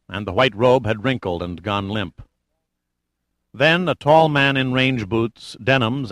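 A man reads a thriller audiobook as scripted narration, steady and measured in his storytelling. His voice is fairly low, and the recording is dry.

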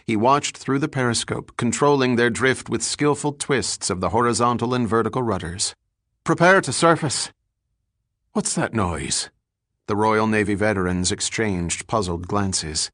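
A man reading an adventure novel aloud in measured, scripted narration. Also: on the low side, steady tone, fairly bright tone, no echo, clean studio sound. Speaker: audiobook narrator.

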